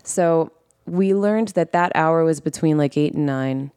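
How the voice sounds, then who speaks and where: A woman's voice: low-pitched, mellow, clean tone, no echo, clean studio sound. A woman as guest host on a podcast, telling her life story earnestly and emotionally, often correcting herself mid-sentence. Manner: earnest and emotional, with quick self-corrections and restarts. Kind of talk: candid personal storytelling on a podcast.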